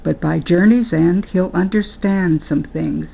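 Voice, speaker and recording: An older woman voicing a calm, gentle old grandfather who speaks soothingly and patiently. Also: lowish voice, a little slow, vocal fry, breathy edge, dull audio, exaggerated voice.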